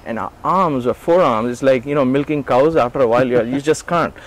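A man in his forties speaks a little fast in a mid-range voice as he recalls past events for an interview. His storytelling is lively, complete with acted-out dialogue, chuckles, and false starts.

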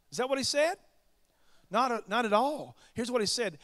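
A man preaches to his congregation, his voice sitting high for a man. He slips into chatty, joking asides between points. The sound is close and dry with no room echo. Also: expressive, moderate pace, a bit bright. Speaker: pastor. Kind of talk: sermon.

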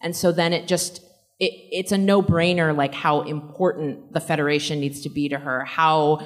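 Giggly woman on a panel, lowish voice. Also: fairly even intonation, normal speed, faint music behind. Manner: casual, laughs often, rambling. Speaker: panel guest actor. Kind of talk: convention panel Q&A.

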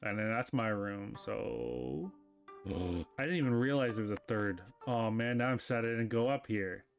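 A man's voice: medium pitch, moderate pace, creaky. A man hosting a let's play, reading the game's dialogue aloud and cracking jokes and the odd swear between lines. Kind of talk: casual gaming commentary. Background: faint game music.

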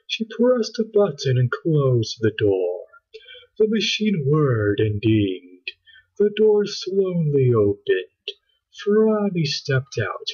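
A man reading a children's book aloud with expressive storytelling, on a dull lo-fi recording. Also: medium pitch, slow pace, slightly rough. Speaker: storybook reader.

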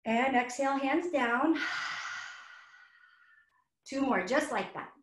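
A woman guides a gentle yoga breathing practice for a webinar, her voice sitting a little high for a woman. She sounds soothing and encouraging as she talks to children and teachers. The recording is roomy and echoey. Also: lively intonation, slow, slight background noise. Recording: roomy echo.

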